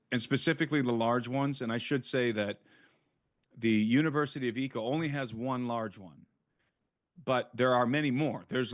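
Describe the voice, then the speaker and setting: A man's voice: medium pitch, no echo, studio quality. A man speaking as an interview guest, giving an earnest, frank first-hand account in conversation.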